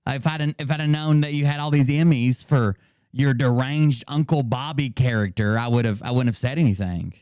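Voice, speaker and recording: A man with a drawl hosts a loose, foul-mouthed stream, reacting to clips as he goes. His voice sounds clear and smooth, recorded close and dry with no room around it. He keeps it easygoing and laughs easily. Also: mid-range voice, moderate pace, darkish tone, no room sound. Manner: laid-back, profane, laughing at clips. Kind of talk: casual live-stream commentary.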